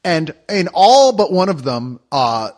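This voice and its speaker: A man with a fairly high voice that swings up and down a lot, chatting about a film. He jokes around and laughs often as he tells it. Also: big pitch swings, slow, a little mellow. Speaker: movie reviewer. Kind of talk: casual chat.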